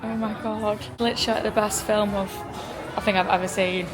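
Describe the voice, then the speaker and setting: A woman's voice: mid-range voice, fairly even intonation, brisk, music in the background, a crowd in the background. A young woman from England with an English accent, chatting casually to her phone camera in a travel vlog, gushing and filler-heavy. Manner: chatty, gushing, lots of "like" and "oh my God". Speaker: travel vlogger.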